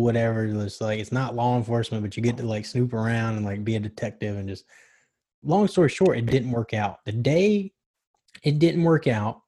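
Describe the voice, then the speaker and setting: A young man in casual chat, telling stories in a rambling, excited way with slang and swearing. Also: mid-range voice. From Charlotte, North Carolina area.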